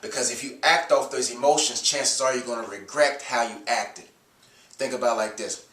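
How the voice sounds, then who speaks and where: A congested man gives earnest, preachy advice about faith and emotions, pausing on fillers as he goes. He stands off the mic, and the room around him rings with echo. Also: medium pitch, steady tone, a bit bright, far from the mic. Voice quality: nasal. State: stuffed up from a cold. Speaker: Christian video host. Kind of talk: casual faith advice talk.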